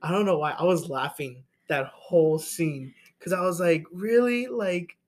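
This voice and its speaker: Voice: mid-range voice, normal speed. Rambling young podcast co-host. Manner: rambling, many "like"s and restarts, laughs a lot. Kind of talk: casual movie-review chat.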